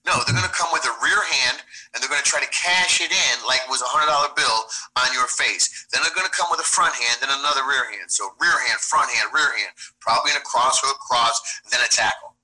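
A man's voice: mid-range voice, a little fast, pushed and bright, slight background noise, low-quality recording. A man talking as a self-defense instructor in a casual interview, blunt, streetwise and profane.

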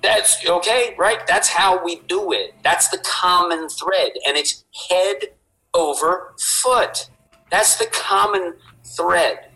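A man's voice: sits high, takes it slowly, low-quality recording. A man on a podcast as a guest, explaining movement with lots of emphasis, swearing and tag questions. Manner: animated, emphatic, swears, repeats "right?". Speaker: guest, fitness inventor.

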